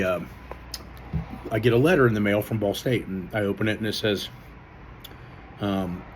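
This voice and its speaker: A man's voice: fairly low pitch, slight background noise. A man, a strength coach, telling his life story in a loose, casual way, with many fillers and some swearing. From Indiana, US.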